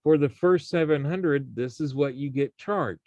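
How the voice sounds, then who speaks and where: A man's voice: fairly high pitch, measured pace, dark tone, dry recording, dull audio. A man teaching a college algebra class, explaining each step and checking in with his students. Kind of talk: classroom math lecture.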